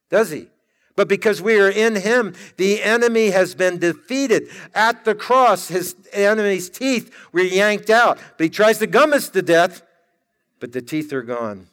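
A man with a high-pitched voice preaches a sermon, stretching his words out for emphasis and pausing for effect. His voice rings through a reverberant church hall. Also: a bit bright. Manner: emphatic, drawn-out preaching with dramatic pauses.

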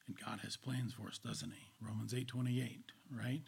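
Husky-voiced male preacher telling stories. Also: fairly low pitch, steady tone, normal speed, few pauses. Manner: storytelling, swings between loud and whispered. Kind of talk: sermon.

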